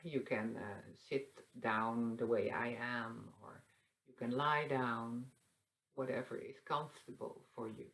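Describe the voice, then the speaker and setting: A woman hosting a spiritual talk that moves into a guided meditation, speaking softly and meandering, with light laughs. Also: very deep voice, steady tone, poor audio. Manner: soft, slow and meandering, with frequent fillers and light laughs. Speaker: spiritual channel host. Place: seated indoors.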